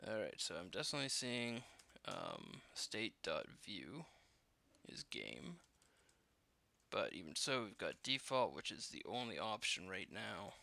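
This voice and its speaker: A man's voice: sits low, huge pitch swings, a little slow, vocal fry, bright, forceful tone, no echo. A man walking through code as he builds a game, thinking aloud with lots of fillers and self-deprecating asides. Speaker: programmer live-coding a game. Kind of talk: casual coding walkthrough.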